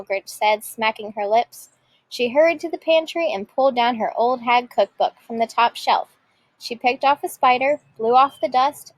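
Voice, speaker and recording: Expressive woman reading a storybook. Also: on the high side, rough recording. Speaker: teacher. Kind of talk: reading a picture book aloud.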